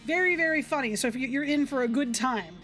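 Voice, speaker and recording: Talking fast with lively intonation, a young woman with a high, slightly bright voice chats casually with her stream viewers and cheerfully reads the game's text aloud. Faint music plays behind her.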